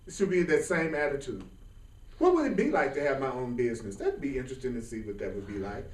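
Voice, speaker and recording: A man giving an informal spiritual class, talking in a lively, colloquial way and often laughing. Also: medium pitch, quick pace. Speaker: spiritual teacher. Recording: roomy sound from a distant mic.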